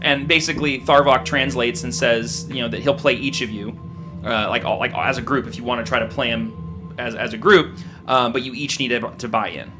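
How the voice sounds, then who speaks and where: A man's voice: medium pitch, fairly quick, over music. Rambling man narrating as game master. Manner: rambling, self-correcting narration.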